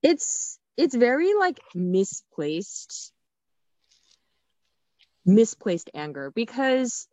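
A woman co-hosting a casual chat, frank and animated, with many "like" fillers. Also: a little high, drawn-out words, pauses often, no room sound. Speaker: podcast co-host.

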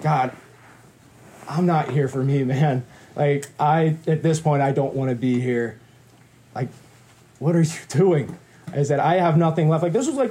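A man's voice: a little high, dark tone. A man in his twenties giving a candid personal testimony to a group, acting out dialogue and joking at his own expense. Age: 20s. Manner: candid storytelling with quoted dialogue and self-deprecating humor. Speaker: guest speaker.

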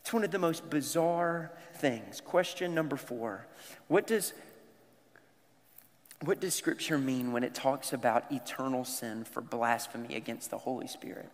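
This Southern pastor preaches in a mid-range voice, taking things a little slowly and addressing his congregation conversationally. His sermon echoes with the long reverb of a large church sanctuary.

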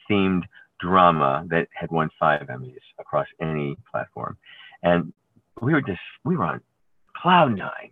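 A man with a very deep voice talks through his career in a loose, rambling interview way, circling back and restarting his sentences as he goes. The sound is thin and tinny, like a phone line, and completely dry with no room around it. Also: no room sound. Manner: rambling, halting storytelling with many restarts. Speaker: actor guest. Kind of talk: conversational interview.

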